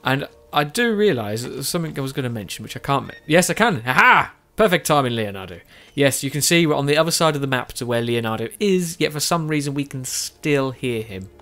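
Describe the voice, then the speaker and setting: A man's voice: medium pitch, expressive, brisk, hardly any pauses, pushed and bright, faint music behind. A tired man, chatting casually as he plays a game and often correcting himself. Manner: rambling, self-correcting, chatty. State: tired with a sore throat. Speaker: gaming video host.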